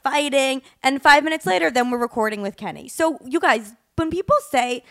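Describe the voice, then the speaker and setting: A young woman co-hosting a podcast with her mother, telling stories in an animated way and acting out what people said. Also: sits high, a little fast, vocal fry, no room sound, clean studio sound. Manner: animated storytelling, acts out quotes loudly. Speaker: podcast co-host. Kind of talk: casual chat. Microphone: studio microphone.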